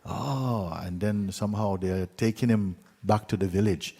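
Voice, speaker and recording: A male spiritual teacher tells a fable to his listeners at an easy, unhurried pace. He speaks in a low, breathy voice that drops at times to a near whisper. A long hall reverb hangs behind every phrase. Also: flat delivery. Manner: unhurried telling with pauses, dips to a hushed whisper. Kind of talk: storytelling talk to an audience.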